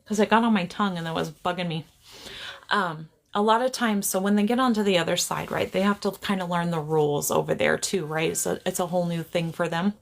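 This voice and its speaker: A woman's voice: on the low side, fairly even intonation, a little fast, gravelly. A woman psychic medium chatting casually on a livestream. She laughs often, keeps apologizing and gets easily sidetracked, speaking to a camera on a tripod.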